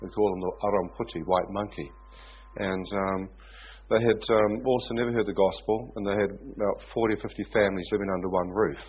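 A man from New preaching, telling stories in an animated way and often asking his listeners if they follow. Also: on the low side, breathy edge. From New Zealand. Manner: animated storytelling, often asks "you know what I mean?". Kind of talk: sermon storytelling. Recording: tinny phone-like sound.

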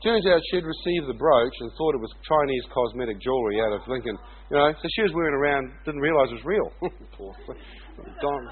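A man's voice: mid-range voice, expressive, a little fast, husky, narrow, tinny audio. A man with a New Zealand accent tells a personal testimony story in a chatty way, laughing often and asking "you know what I mean". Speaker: speaker giving a personal testimony.

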